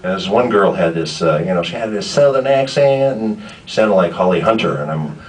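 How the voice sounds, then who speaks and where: A low-voiced man spins loose anecdotes for a fan panel, stopping and restarting as he goes. He sits far from the mic, with steady noise in the room around him. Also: brisk. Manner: rambling, many fillers and restarts, laughing asides. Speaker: voice actor, convention panelist. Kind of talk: anecdotal storytelling to fans. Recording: distant, noisy convention room.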